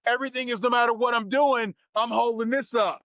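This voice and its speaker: A man as interview guest, telling road stories in a lively way and acting out the voices of the people in them. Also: very high voice, fairly quick, no room sound, highs cut off. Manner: acts out voices and shouts in his stories. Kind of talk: animated storytelling.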